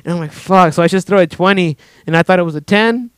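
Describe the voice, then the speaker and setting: Higher-pitched man telling a rambling story. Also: fast talker. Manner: rambling, profane, filler-heavy storytelling. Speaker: guest storyteller. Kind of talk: casual podcast chat.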